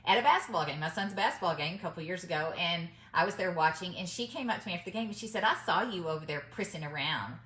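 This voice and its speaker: A woman's voice: fairly low pitch, animated, very fast, few pauses, a bit bright, reverberant. A middle-aged woman, telling a story to her viewers in a chatty, emphatic way and calling them y'all. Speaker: vlogger giving business mindset advice. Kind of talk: casual storytelling to camera.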